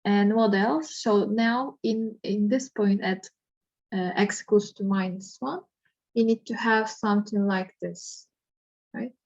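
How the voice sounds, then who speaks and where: Slow, hesitant woman teaching math. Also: medium pitch, fairly even intonation, a little mellow, dull audio. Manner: hesitant, thinking aloud with fillers. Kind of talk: slow worked-example lesson.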